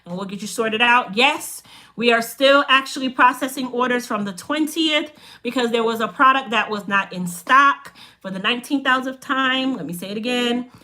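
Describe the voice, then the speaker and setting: A woman's voice: on the high side, moderate pace, sharp tone. A woman from Chicago with a Chicago accent and Jamaican touches, a hair care business owner telling a story on a casual live stream, blunt and straight-talking. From Chicago, United States.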